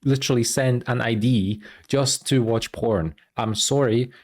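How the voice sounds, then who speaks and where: A man's voice: medium pitch, measured pace, a little mellow. A man streaming live, reacting to clips with profane, mocking disbelief.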